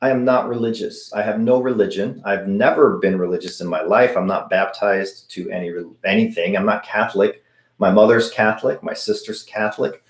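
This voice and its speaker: Chatty low-voiced man, echoey room. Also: a little fast. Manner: chatty, anecdotal, acts out quoted voices. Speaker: host of a paranormal channel answering viewer questions. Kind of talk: live Q&A, casual storytelling.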